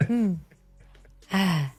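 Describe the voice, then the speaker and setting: A woman's voice: mid-range voice, expressive, extremely slow, darkish tone, husky, no room sound, soft background music. Blunt, sarcastic woman talk show host. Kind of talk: opinionated talk show commentary.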